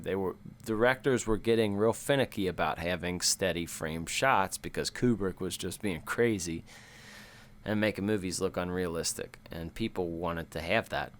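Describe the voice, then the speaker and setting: Male podcast co-host, low voice, loose chatty delivery that breaks into animated impressions and laughter. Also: a little hiss or hum. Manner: laughs often, animated mimicking of movie lines. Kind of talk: casual chat.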